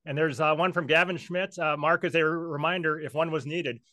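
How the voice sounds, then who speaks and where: A man hosts a podcast interview in a bright, fairly high voice. He speaks hesitantly and fills pauses with "uh." His voice sounds dry and close to the mic. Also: fairly even intonation, no echo. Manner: hesitant, many uh fillers. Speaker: podcast host. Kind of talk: casual interview.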